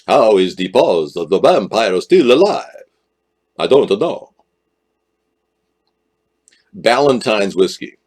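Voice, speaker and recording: A man's voice: on the low side, big pitch swings, slow, pauses often, darkish tone. A man hosting a political live stream, rambling and joking and often jumping into exaggerated voices. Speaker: livestream host.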